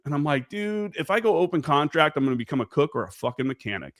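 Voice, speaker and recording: A man's voice: on the high side, very animated, quick pace, fairly bright tone, no room sound, clean studio sound. A man in his forties, a veteran guest on a podcast, telling stories in a casual, profane way and acting out the remembered dialogue. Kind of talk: casual storytelling interview.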